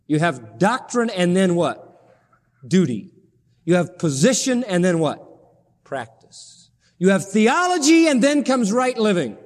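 A high-pitched man preaches with fervent, pleading intensity, his voice leaping up at the peaks of each point. His words ring out with a long reverb, as in a large hall. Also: sing-song, slow, pauses often. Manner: impassioned, pleading preaching with sudden rises in pitch. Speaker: pastor. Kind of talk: sermon.

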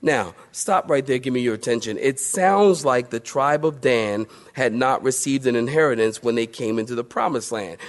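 Male preacher, conversational Bible teaching, slightly high voice. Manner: conversational, with playful asides and mock voices.

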